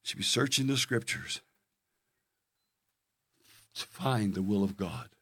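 An older man preaching a sermon, telling stories with earnest feeling and dropping from loud emphasis to hushed tones. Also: fairly low pitch, animated, takes it slowly, breathy edge.

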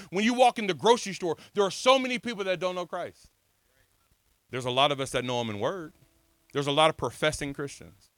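A man preaching a sermon at an outdoor beach service, telling his own testimony with passion and big swings in loudness. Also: high-pitched, dry recording.

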